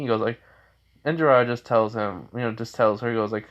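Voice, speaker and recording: A man's voice: medium pitch, a little fast, a bit bright, clear, resonant tone, muffled recording. A man casually improvising a story aloud, rambling with frequent fillers and self-corrections.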